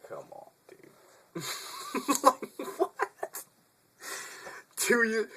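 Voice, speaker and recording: A man's voice: high voice, very animated, extremely slow, pauses often, a bit bright. A young man vlogging in a casual, laid-back rant, swearing freely, laughing often and calling the listener dude.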